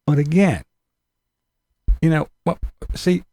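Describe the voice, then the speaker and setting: A man's voice: a little high, slow, warm tone, dry recording. A man giving casual reaction commentary in a sardonic way, repeating himself and laughing between remarks.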